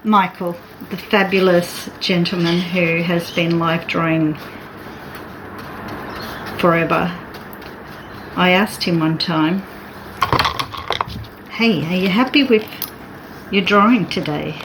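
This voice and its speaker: A woman's voice: fairly low pitch, steady tone, slow, pauses often, background noise. A woman artist chatting casually and thinking aloud as she sketches and paints. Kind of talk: casual chat while drawing.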